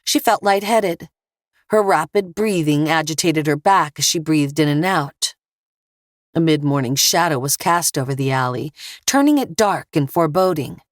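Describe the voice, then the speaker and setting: A woman narrating a thriller audiobook in a measured, steady voice. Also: deep voice, dry recording, clean studio sound. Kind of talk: scripted narration.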